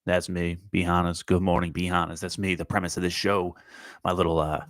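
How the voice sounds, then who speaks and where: A low-voiced man rambles through his own morning show, blunt and full of swearing. He talks straight to his viewers while out walking. The sound is dry and close. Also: flat delivery, a little fast, dry recording, rough recording. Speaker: host of a morning talk show. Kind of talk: casual rambling chat on a morning walk. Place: outdoors, walking.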